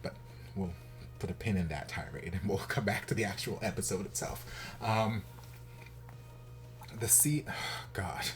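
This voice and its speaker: A man hosting a reaction video in casual commentary, animated and exasperated, jumping from loud outbursts to low muttering. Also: unhurried, pauses often, faint music behind.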